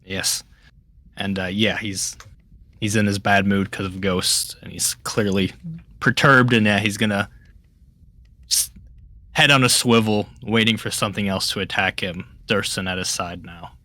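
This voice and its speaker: A man player in a tabletop role-playing game, describing his character in a halting way, thinking aloud. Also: lowish voice, steady tone, bright, forceful tone, no room sound.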